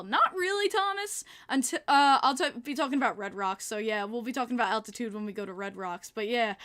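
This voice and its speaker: Young woman host, chatty and giggly, fairly high pitch, talks to live chat. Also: fairly bright tone. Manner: chatty, laughs often, answers chat. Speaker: podcast host. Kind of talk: casual livestream chat.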